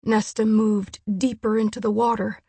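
A woman narrating an audiobook in a hushed, measured storytelling voice. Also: medium pitch, little pitch movement, husky, no echo. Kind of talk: scripted narration.

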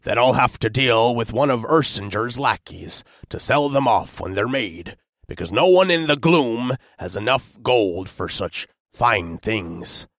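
A male narrator voices a short, stout dwarf blacksmith with a gruff, grumbling manner in this storybook reading. He talks slowly and heavily, and the sound is dry and close. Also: mid-range voice, animated, fairly bright tone, no room sound. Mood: haggling. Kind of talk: audiobook narration.

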